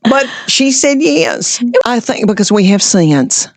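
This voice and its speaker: A middle-aged woman from Tennessee with a Southern accent, telling stories as a comedian guest on a podcast, lively and chuckling as she goes. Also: fairly high pitch, slow pace, no echo. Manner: lively anecdotal telling, chuckles mid-sentence. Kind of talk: chatty podcast storytelling.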